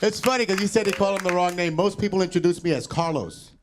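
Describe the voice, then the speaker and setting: A man's voice: high voice, quick pace, slight background noise. A man hosting a comedy show, hyping the crowd and introducing the next act. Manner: upbeat hype emcee. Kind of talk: emceeing and introducing acts.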